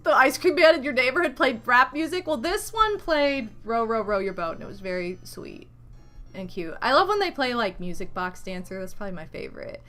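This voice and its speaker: A woman's voice: a little high, big pitch swings, fairly quick, sharp tone. A woman in her thirties, chatting casually and rambling on a live game stream, greeting viewers, while talking around a retainer. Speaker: streamer playing a video game. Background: faint game music.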